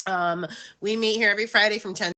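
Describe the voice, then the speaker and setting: Talking straight to her audience, this livestream host chats in a meandering, self-aware manner. Her voice sits mid-range with fairly even intonation, and her delivery is brisk, pushed and bright.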